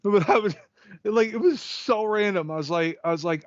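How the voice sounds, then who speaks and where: Young male co-host, high voice, rambling profane storyteller, dry dull recording. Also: moderate pace, dry recording. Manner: rambling, profane, acts out quotes. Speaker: podcast co-host. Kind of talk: comedic storytelling.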